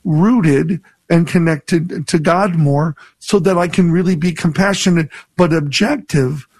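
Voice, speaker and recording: Male priest on talk radio, reflective and earnest, slightly high voice. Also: measured pace, darkish tone, breathy edge.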